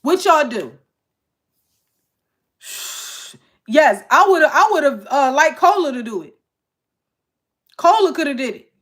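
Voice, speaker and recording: A young woman hosts a casual livestream and talks straight to her chat. She sounds exasperated as she rants, and her voice sits a little high. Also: sing-song, takes it slowly, long pauses, fairly bright tone. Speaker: livestream host.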